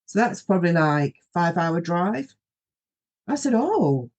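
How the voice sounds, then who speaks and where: A woman's voice: lowish voice, expressive, unhurried. A middle-aged woman, hosting a podcast and telling a personal story in a rambling, anecdotal way, often quoting herself. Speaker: podcast host.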